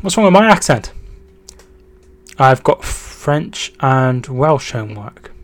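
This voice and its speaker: Speaking slowly at medium pitch in a dry recording, a young man hosts a casual football stream. He reads chat messages and thanks viewers as he calls match updates, occasionally trailing off and restarting, and he shouts excitedly at goals.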